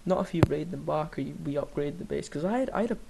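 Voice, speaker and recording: A man's voice: fairly high pitch, lively intonation, fast, gravelly, crowd noise. A young man with a Scottish accent, chatting casually and rambling about games in a laid-back, slangy way. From Scotland.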